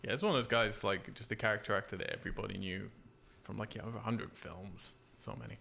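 A man's voice: lowish voice, steady tone, quick pace, vocal fry, sharp tone, slight background noise. A man co-hosting a podcast, chatting loosely with many fillers and easy laughs. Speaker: podcast co-host. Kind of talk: casual chat.

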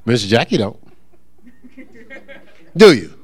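Slow and husky, a pastor's mid-range voice swings widely in pitch as he teaches an interactive sermon with no room sound. He uses call-and-response, asking the congregation for answers, and adds humor and acted-out voices.

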